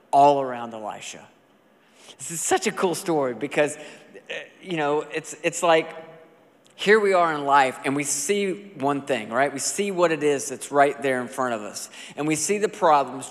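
A man gives a sermon from the pulpit, his slightly high voice carrying a long reverb through a large hall. He tells stories in a casual, animated way, full of conversational asides. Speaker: pastor.

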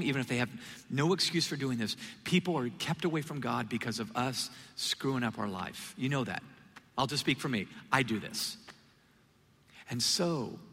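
A male preacher telling a story from the pulpit, slipping into quoted voices as he goes. His voice is bright and a little husky, and it rings out with a long reverb in a large church hall. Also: medium pitch. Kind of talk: sermon.

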